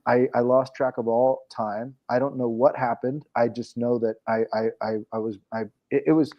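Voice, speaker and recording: A man's voice: medium pitch, fairly even intonation, normal speed. Male interview guest, mid-range voice, rambling and restarting; lo-fi dull audio. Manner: rambling, frequent restarts and fillers. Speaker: guest, coach and program founder. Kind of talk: casual interview conversation.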